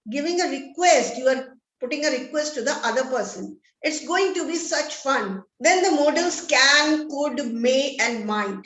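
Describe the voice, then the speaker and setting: A woman with an Indian English accent teaching a grammar lesson, speaking deliberately and reading example sentences aloud with stress. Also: sits high, a bit bright. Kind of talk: classroom-style grammar lesson. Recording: echoey room.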